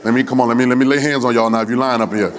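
A man preaching a sermon, joking and trading call-and-response lines with the congregation, at times shouting or half-singing his phrases. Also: mid-range voice, steady tone, very fast, crowd noise. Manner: breaks into shouts and sung phrases.

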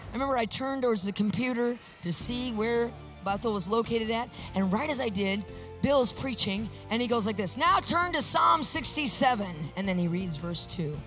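A woman sharing a personal faith testimony, storytelling in an animated way and acting out the voices she quotes. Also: fairly high pitch, normal speed, soft background music. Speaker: Christian speaker sharing a testimony.

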